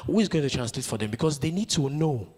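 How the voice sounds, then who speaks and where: A man's voice: fairly high pitch, expressive, quick pace, a little mellow, slightly rough. A man giving a motivational conference speech, stirring the audience with rhetorical questions. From Nigeria. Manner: rousing, full of rhetorical questions. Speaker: conference speaker.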